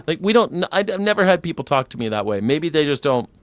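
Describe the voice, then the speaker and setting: A man hosting a casual political chat show, rambling, sarcastic and quick to swear. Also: a little high, sing-song, no echo. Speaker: host.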